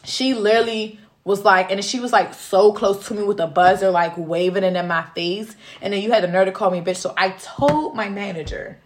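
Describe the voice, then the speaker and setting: A woman co-hosting a podcast, telling a story from work in casual, animated, profane chat. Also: mid-range voice, brisk, few pauses. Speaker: podcast co-host.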